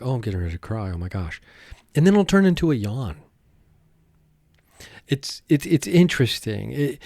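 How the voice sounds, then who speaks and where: A man hosting a podcast, talking alone in a rambling, halting way with many restarts. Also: medium pitch, a little mellow, dry recording, clean studio sound. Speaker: podcast host. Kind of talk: casual monologue.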